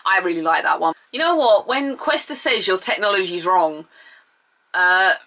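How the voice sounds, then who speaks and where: A young woman chatting through a TV episode review, animated and sarcastic, with bursts of mock outrage. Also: fairly low pitch, normal speed. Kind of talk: casual video review.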